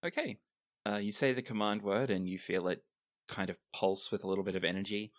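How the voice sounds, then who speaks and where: A game master narrating a tabletop role-playing game in a relaxed, descriptive way. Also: low-pitched, a little fast.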